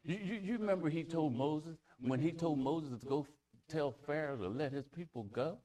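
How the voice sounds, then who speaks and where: A man preaching a sermon as pastor, reading scripture aloud and swinging between loud declarations and hushed near-whispers, often repeating words for emphasis. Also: fairly high pitch, moderate pace. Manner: reads scripture aloud in King James wording.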